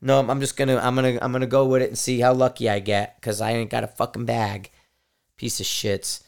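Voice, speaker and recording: Male podcast host, middle-aged, rambling frustrated rant, salty language, clear resonant tone. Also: medium pitch, flat delivery, brisk. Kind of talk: casual solo rant.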